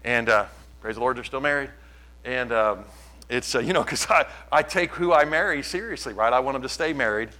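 A man preaching a sermon, impassioned and swinging from quiet to loud. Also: medium pitch, brisk, low-quality recording. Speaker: pastor.

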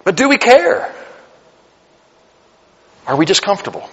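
A man's voice: sits high, very animated, measured pace, a bit bright, big-room sound, lo-fi sound. A man in his late forties preaching a sermon, talking to the congregation in a conversational way and building to emphatic bursts. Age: 40s. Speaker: pastor. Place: church sanctuary.

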